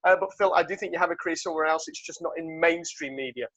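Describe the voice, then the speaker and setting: A man's voice: a little high, fast, a bit bright. A man hosting a podcast in casual banter, rambling with many ums and restarts. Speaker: podcast host. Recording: dull lo-fi sound.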